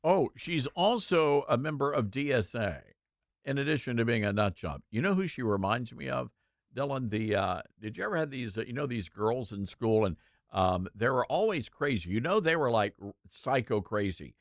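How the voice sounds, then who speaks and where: A man hosting a talk show, giving opinionated commentary in an animated, mocking way. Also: mid-range voice, moderate pace, dry recording, clean studio sound. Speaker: radio talk show host.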